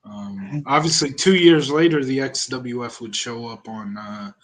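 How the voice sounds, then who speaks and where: A man's voice: medium pitch, measured pace. A man hosting a podcast, casually recapping events with a dry, wry manner. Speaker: podcast host reviewing wrestling. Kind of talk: casual chat.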